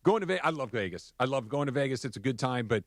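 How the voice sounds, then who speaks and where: A man's voice: mid-range voice, expressive, fast talker, no echo, studio quality. An American man co-hosting a sports radio show, telling stories in a rambling, casual way. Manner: rambling storyteller with restarts. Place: radio studio.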